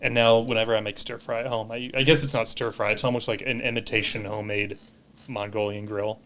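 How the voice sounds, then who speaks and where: A man from California hosting a podcast, chatting in a relaxed way with casual swearing. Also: on the low side, brisk. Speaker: podcast host. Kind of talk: casual conversation.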